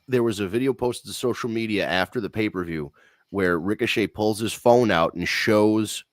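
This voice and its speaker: A man's voice: on the low side, dry recording, studio quality. A man hosting a wrestling podcast, giving blunt, rambling opinions in casual talk and swearing freely.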